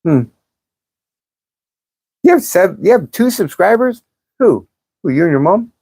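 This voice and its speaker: A woman's voice: fairly low pitch, very animated, a little slow, warm tone, husky, dry recording. A woman hosting a livestream, reading chat comments and answering them in a blunt, profane, sarcastic way. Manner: combative, sarcastic, calls out commenters. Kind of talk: live-stream commentary.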